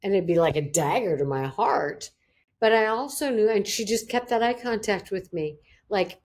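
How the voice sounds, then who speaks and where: A woman's voice: medium pitch, moderate pace, darkish tone. A middle-aged woman, a psychologist, talking as a guest on a podcast and acting out quoted voices with animation. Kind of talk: podcast interview.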